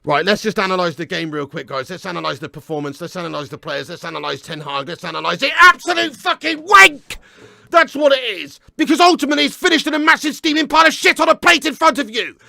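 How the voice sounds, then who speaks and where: A young man in a furious, heavily sweary ranting reaction video, often shouting as he addresses his viewers. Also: high voice, expressive, fast talker, vocal fry, no room sound, studio quality. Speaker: fan reaction host.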